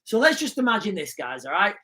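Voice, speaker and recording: A woman's voice: medium pitch, very animated, quick pace, fairly bright tone. A woman hosting a livestream, reading viewer comments aloud and answering them in a sarcastic, emphatic way, often repeating her key lines. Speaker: livestream host.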